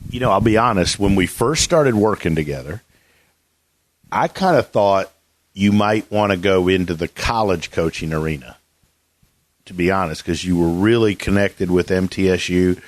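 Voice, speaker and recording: Low-voiced man hosting a golf chat. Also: normal speed, no echo. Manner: rambling, many restarts and fillers. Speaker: golf coach and podcast host. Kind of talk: casual interview chat.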